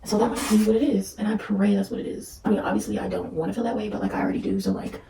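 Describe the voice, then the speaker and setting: A woman's voice: medium pitch, racing, gravelly, reverberant, noisy background. A tired young woman, vlogging in casual, dramatic, self-mocking chat while painting at home, sometimes dropping to a whisper.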